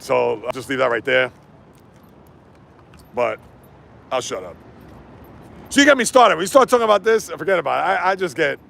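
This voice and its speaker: Walking outdoors, a man hosts a casual sports livestream, ranting and reading chat comments animatedly. His voice is a little high and creaky.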